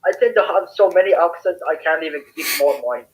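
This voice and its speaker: A man's voice: on the high side, animated, fast talker, a little hiss or hum. A young man co-hosting a casual podcast chat, bragging and joking in a playful wrestling-promo manner. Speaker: co-host. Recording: dull lo-fi stream audio.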